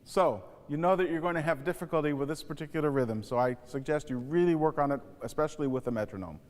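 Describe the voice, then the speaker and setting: A man's voice: on the high side, fast talker, a little mellow. A man teaching saxophone, earnestly advising students and singing rhythms aloud to demonstrate them. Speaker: saxophone instructor. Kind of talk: music lesson tutorial. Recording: reverberant room.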